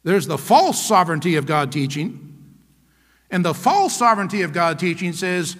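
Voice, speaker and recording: A man's voice: high voice, big pitch swings, normal speed, fairly bright tone, in a large hall. A man preaching a sermon as pastor, emphatic and fond of calling out "come on now" to his listeners.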